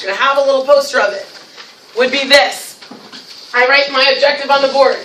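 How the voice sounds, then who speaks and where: A woman presenting a lively teacher workshop, playful and animated, breaking into demonstrations in a large room. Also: high voice, distant mic, a little hiss or hum. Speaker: special education director leading a teacher workshop. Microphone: distant from the recording mic. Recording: echoey room recorded from afar.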